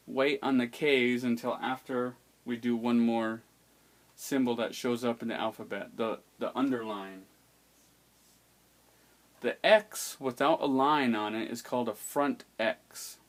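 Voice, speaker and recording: Man, language teacher; slow and patient, sounds things out one by one. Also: mid-range voice, fairly even intonation. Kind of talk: explaining an alphabet's pronunciation.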